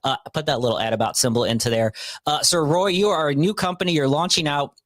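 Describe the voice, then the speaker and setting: A man hosting a podcast in casual chat, joking and ranting emphatically with lively swings in his delivery. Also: a little high, fast talker, no room sound. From Northeast Ohio. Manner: animated, joking, emphatic rants. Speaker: podcast host.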